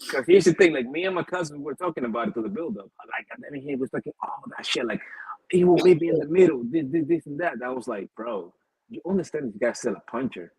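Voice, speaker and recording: A man co-hosting a casual boxing talk show, animated and profane, laughing often. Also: on the high side, fast, a little hiss or hum, rough recording. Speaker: boxing podcast co-host. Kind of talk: casual chat.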